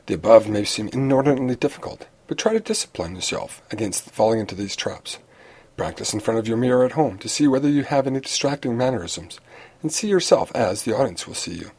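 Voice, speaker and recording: Guy reading out tips on giving speeches, kinda husky, steady and teacher-like, trips over a word now and then. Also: medium pitch. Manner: measured, instructive delivery with small restarts. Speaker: speaker giving advice on public speaking. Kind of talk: reading a prepared talk.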